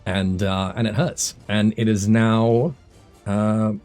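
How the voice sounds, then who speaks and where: A man's voice: fairly low pitch, takes it slowly, faint music behind. A man narrating combat as game master of a tabletop game, easygoing and full of filler words. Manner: relaxed, many fillers and restarts while narrating combat.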